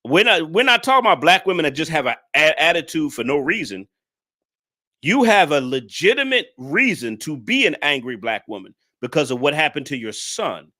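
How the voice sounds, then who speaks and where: A man hosting a reaction video, talking straight to his audience in an exasperated, emphatic way. His voice sits fairly high and bright. His delivery is lively, with wide swings in pitch. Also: normal speed. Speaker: channel host reacting to a clip. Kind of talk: casual reaction commentary.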